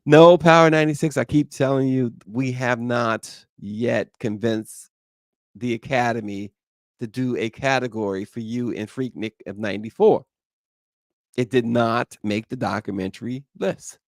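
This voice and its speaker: Man, morning show host, gravelly voice, mid pitch, casual joking chat, reads viewer comments. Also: unhurried, dry recording, clean studio sound. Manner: joking, loose and rambling, laughs often.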